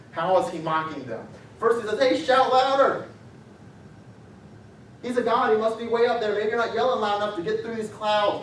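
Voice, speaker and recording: This sermon comes from a lively male pastor with a fairly high voice, captured by a faraway mic in an echoey church sanctuary with a little background noise. He acts out the narrative, lifting his voice whenever he quotes someone.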